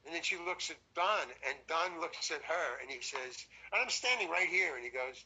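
A man's voice: on the high side, moderate pace, few pauses, slight background noise, rough recording. An older man, a guest on a show, animatedly telling an anecdote in a casual, profane way. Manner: animated storyteller who swears freely.

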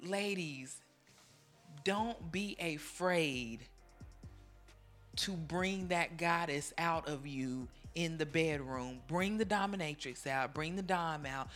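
Animated young woman co-host. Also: sits low, takes it slowly, soft background music. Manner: animated, acts out quoted partners. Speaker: podcast co-host. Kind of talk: casual frank chat.

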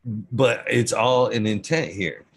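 This middle-aged man, a cannabis grower appearing as a podcast guest, talks casually about growing in a medium-pitched, slightly rough voice with vocal fry. He speaks slowly, rambles, stutters, and swears a lot.

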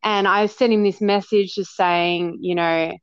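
A woman's voice: medium pitch, fairly even intonation, a little slow, clear, resonant tone, dry recording, lo-fi sound. A woman co-hosting a podcast, telling a personal story in a chatty way with frequent laughs. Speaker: podcast co-host. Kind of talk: casual chat.

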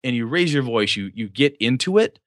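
A man hosting a casual talk about running tabletop games, animated and laughing, acting out scenes and swearing freely. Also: mid-range voice, brisk, no room sound, clean studio sound. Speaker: podcast host and game master.

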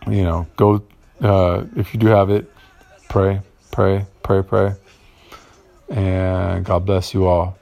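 A man of Puerto Rican heritage hosts a casual solo podcast from his garage, delivering a rambling, profane monologue that gets heated at times. His voice is lowish with a darkish tone.

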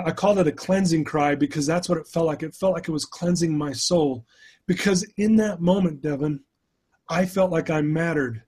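A man's voice: fairly high pitch, a little mellow, husky. A middle-aged man, a podcast guest, telling a personal story in an earnest, emotional way, often restarting his sentences.

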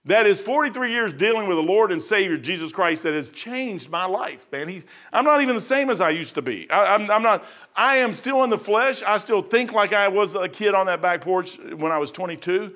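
A man's voice: high voice, animated, moderate pace, sharp tone. A middle-aged man preaching a verse-by-verse sermon in a folksy, rambling way, often saying "man" and half-singing hymn lines. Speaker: pastor.

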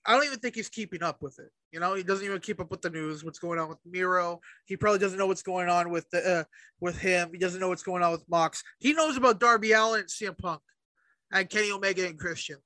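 High, bright-voiced man ranting casually. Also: fast talker, dry recording, poor audio. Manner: animated ranting, heavy swearing. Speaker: podcast co-host. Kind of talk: casual chat.

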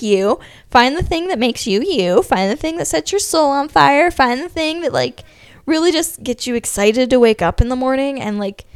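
A woman's voice: fairly high pitch, clear, resonant tone, dry recording, studio quality. A young woman from Ohio hosting her own podcast, talking in a chatty, upbeat way with a lot of "like" fillers. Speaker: podcast host. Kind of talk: casual solo podcast monologue.

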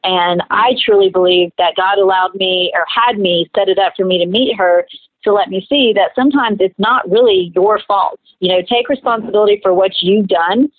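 A woman's voice: medium pitch, moderate pace, dry recording. A woman, an interview guest and minister, earnestly telling her own story and acting out the voices of the people in it. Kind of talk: personal testimony in conversation. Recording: tinny phone-like line, dry.

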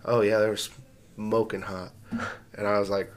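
A man's voice: fairly low pitch, level tone, unhurried. A man co-hosting a casual podcast, telling crude stories and laughing often. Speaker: podcast co-host. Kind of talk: casual chat.

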